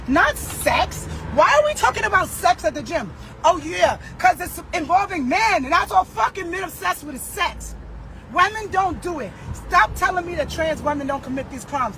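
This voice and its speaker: A hoarse woman, a singer, ranting emphatically and profanely, often shouting. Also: high-pitched, background noise. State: hoarse, losing her voice. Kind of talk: social media rant.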